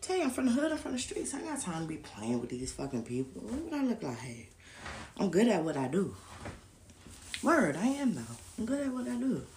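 A woman's voice: medium pitch, sing-song, a little fast, darkish tone, slight background noise. A woman giving a casual, profane, blunt rant to her viewers. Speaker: vlogger. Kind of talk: casual ranting livestream.

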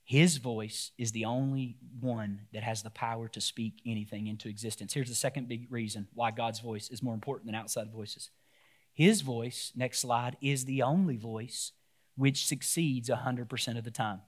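Preaching a sermon to his church, a pastor swings between loud, animated outbursts and quiet, emphatic points, speaking at medium pitch and a moderate pace.

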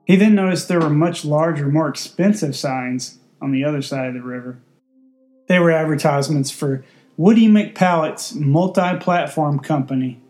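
A man reads a story aloud in a steady, deadpan manner. His voice is mellow and dark-toned, with faint music behind him. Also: fairly high pitch, normal speed. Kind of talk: storybook narration.

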